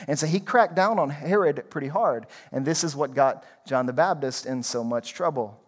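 A man's voice: fairly high pitch, a little fast, few pauses. Earnest man preaching a sermon. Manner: earnest, emphatic preaching with repeated refrains. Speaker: pastor.

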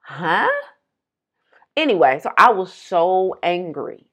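A woman, co-hosting a casual chat and telling animated stories. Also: on the low side, slow, husky. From Detroit. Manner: animated storytelling, acts out quotes. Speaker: podcast co-host.

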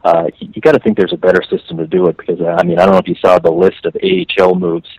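A man from Canada talking hockey on a podcast, animated and full of restarts, his pitch leaping on stressed words. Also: very fast, gravelly, husky, dry recording, poor audio. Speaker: hockey writer guest. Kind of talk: casual podcast chat.

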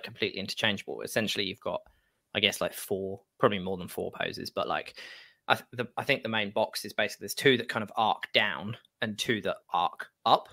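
A man's voice: lowish voice, vocal fry, no room sound. A man co-hosting a podcast, chatting casually and rambling about his hobby. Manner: rambling, relaxed, laughs easily. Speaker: podcast co-host. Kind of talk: casual chat.

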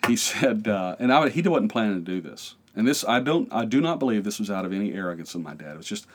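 Talking quickly in a lowish voice, a middle-aged American pastor recounts a spirited tale on a podcast. He performs the different voices and laughs a lot along the way.

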